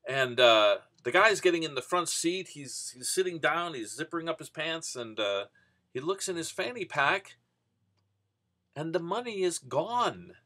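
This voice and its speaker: Man, casual storyteller, rambling, restarts often, bright forceful tone. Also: on the high side, expressive, unhurried. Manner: rambling, full of "you know" and restarts. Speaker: vending business vlogger.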